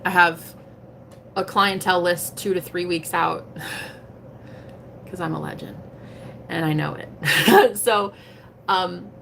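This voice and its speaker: A woman with a fairly low voice gives a casual livestream monologue as a tarot reader. She is blunt and emphatic, swears freely, and slips into a preachy, motivational tone. A faint hiss of noise sits under her voice. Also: fairly even intonation, slow, vocal fry, long pauses, a bit bright.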